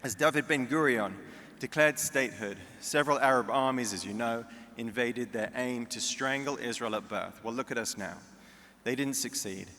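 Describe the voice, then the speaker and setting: A man's voice: medium pitch, moderate pace, pushed and bright. A man from the UK, giving a speech at a convention and telling anecdotes and jokes. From United Kingdom. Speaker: convention speaker. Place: large convention hall. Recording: long hall reverb.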